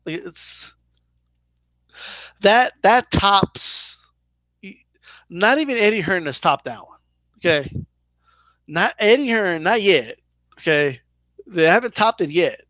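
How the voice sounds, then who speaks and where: A man's voice: high voice, expressive, slow pace, pauses often, bright, forceful tone, no echo. A man hosting a casual live Q&A about boxing, chatty and loose, full of "like" and "right?" as he answers viewer questions. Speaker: boxing channel host.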